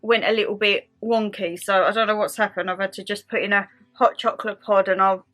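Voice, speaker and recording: A young woman from England vlogging at home, chatting excitedly and gushing over gifts. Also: medium pitch, fairly quick, soft background music. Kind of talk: casual chat.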